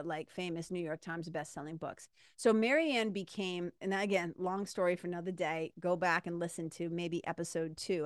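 A middle-aged woman from Massachusetts, telling a personal story in a casual, animated podcast monologue and talking straight to her listeners. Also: lowish voice, dry recording, clean studio sound. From Massachusetts, USA. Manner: chatty and animated, addresses listeners as "you guys". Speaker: podcast host.

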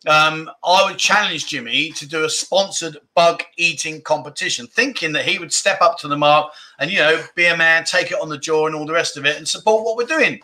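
A chatty man hosts a casual livestream and answers viewers as he goes. His voice sits a little high and sounds bright and forward. He laughs easily and grumbles now and then. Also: brisk, hardly any pauses. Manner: chatty, laughs often, mild grumbling asides. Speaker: livestream host reading viewer comments. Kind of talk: casual chat.

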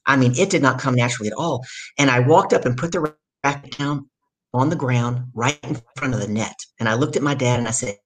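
A middle-aged woman from the Southern United States, a business coach telling her story in an interview with an emphatic, animated delivery. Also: extremely low pitch, a little fast.

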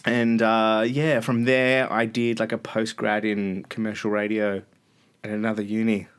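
A studio podcast features a thirties-aged Australian man, himself a radio host, recounting wandering anecdotes with frequent laughter mid-sentence in a casual interview. He has a lowish, clean voice with a level tone and an unhurried pace.

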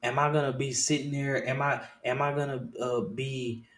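Recorded in an echoey room, this thirty-something podcast host keeps his talk show loose and profane at a moderate pace. He often restarts or repeats himself, and his voice jumps between quiet mumbling and loud, excited outbursts.

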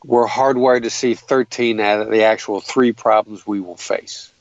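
A man's voice: lowish voice, steady tone, moderate pace, no echo, muffled recording. A man explaining negotiation tactics in an interview, earnest and methodical, often restarting his sentences. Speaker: guest, hostage negotiator.

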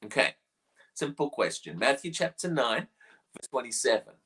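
A man's voice: medium pitch, very animated, normal speed, bright, forceful tone, breathy edge. A man preaching a short morning devotional, earnest and questioning, often repeating words as he presses a point.

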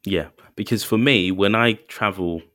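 Low-voiced man chatting loosely. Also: normal speed, a bit bright, no echo, clean studio sound. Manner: rambling, many restarts and fillers, acts out quotes. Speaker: podcast co-host. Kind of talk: casual chat.

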